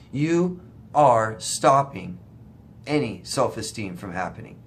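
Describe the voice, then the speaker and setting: A man's voice: mid-range voice, expressive, a little slow. A man answering viewer questions as a life coach, blunt and emphatic, swearing now and then to drive a point home. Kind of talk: casual direct-to-camera advice.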